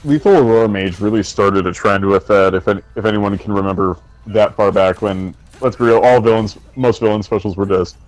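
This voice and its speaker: A man with a lowish voice hosts a game stream, talking casually. He rambles through his explanations with plenty of fillers. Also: brisk, few pauses, dry recording, rough recording. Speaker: host. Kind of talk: casual chat while gaming.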